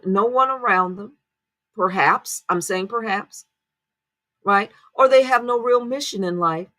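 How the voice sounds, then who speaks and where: In casual commentary to camera, a woman with a high-leaning, fairly bright voice addresses her channel's viewers. Rhetorical questions come up often, and she keeps checking in with "right?".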